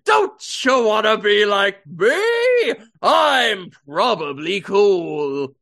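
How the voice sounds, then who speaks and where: A man voicing a loud, boisterous bearded man who pushes meats on people, shouting and boasting. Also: big pitch swings, extremely slow, creaky, exaggerated voice. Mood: boastful. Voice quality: booming, shouting, jovial bluster.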